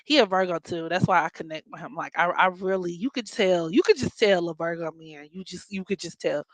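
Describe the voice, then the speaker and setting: A woman's voice: on the low side, a little fast, no room sound, low-quality recording. A woman from Maryland with a Baltimore accent, hosting a casual astrology chat in a blunt, profane, joking way. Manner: blunt, profane, joking, playful mock voices. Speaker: astrology podcast host.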